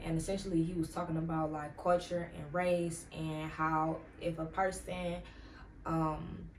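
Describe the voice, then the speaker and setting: A podcast host with a lowish voice talks solo in a casual, rambling, chatty way, full of "like" and "um". The room is echoey, she sits far from the mic, and there is a little hiss or hum.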